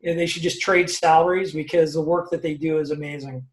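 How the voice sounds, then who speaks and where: In an echoey room, a man in his fifties talks briskly in a fairly high voice with fairly even intonation. As a guest in a casual interview he relates his own story, emphatic and talkative, peppering it with fillers and tag questions.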